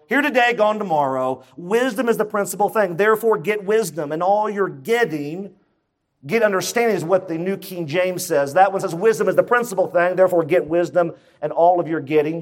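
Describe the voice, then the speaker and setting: Pastor, male, higher-pitched voice, emphatic conversational sermon, peppered with questions to the congregation.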